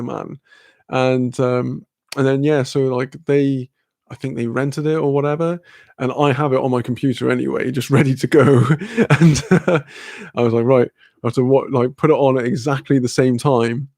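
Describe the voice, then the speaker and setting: A man's voice: mid-range voice, fairly even intonation, moderate pace, vocal fry, darkish tone, no room sound, clean studio sound. A man chatting casually with his live-stream audience, rambling and laid-back, swearing offhandedly and laughing often.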